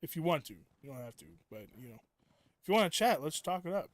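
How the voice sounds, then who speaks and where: A man's voice: on the high side, very animated, quick pace, no room sound. A young man chatting casually while live-streaming a game, rambling through stories with lots of fillers and restarts. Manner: rambling, filler-heavy, self-interrupting storytelling.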